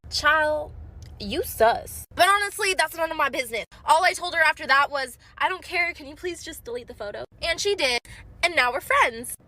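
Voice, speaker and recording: A young woman with a high, bright voice tells a story with sass and jokes. She sounds a little away from the mic and keeps the telling lively and animated. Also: a little fast, dry recording. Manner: sassy, animated, jokey. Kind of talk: casual storytime monologue.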